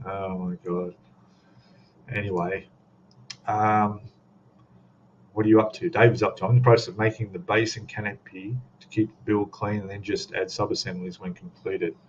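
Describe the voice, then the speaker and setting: A man's voice: lowish voice, steady tone, measured pace, long pauses. A man with an Australian accent chatting casually on a live stream as a scale model host, rambling and reading chat comments aloud. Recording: dull lo-fi stream audio with faint noise.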